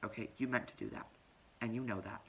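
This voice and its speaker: A man's voice: medium pitch, fast, muffled recording, slight background noise, lightly acted. A man playing a self-righteous, preachy young woman who tells her story in a pompous, lecturing comedic monologue. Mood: indignant. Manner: pompous, lecturing, deadpan self-important delivery.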